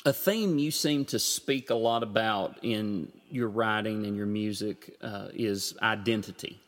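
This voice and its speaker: A man's voice: lowish voice, unhurried, long reverb tail. A man with a Southern US accent hosting a podcast, chatting in a folksy, joking way. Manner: folksy, joking, lively interjections. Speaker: podcast host. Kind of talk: casual interview chat.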